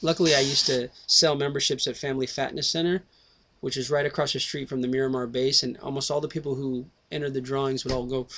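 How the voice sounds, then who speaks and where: A man in a mid-pitched voice talking into a headset, swearing in nearly every sentence. He drifts from one tangent to the next and keeps cutting himself off mid-thought. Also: flat delivery, quick pace, noisy background. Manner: swears constantly, tangents, self-interrupting. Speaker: video host. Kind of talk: profane rambling monologue.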